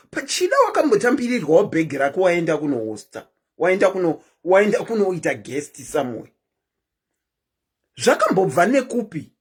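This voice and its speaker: A woman's voice: lowish voice, slightly rough. A woman hosting a live stream, chatting casually and keeps asking her viewers questions.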